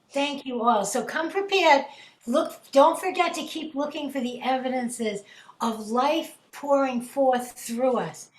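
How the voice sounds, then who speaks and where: A woman with a high, light voice leads a spiritual gathering over a video call, laughing easily as she talks. Her words swell into a preacher-like rhythm. The sound carries a noticeable room echo. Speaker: host leading a spiritual prayer session.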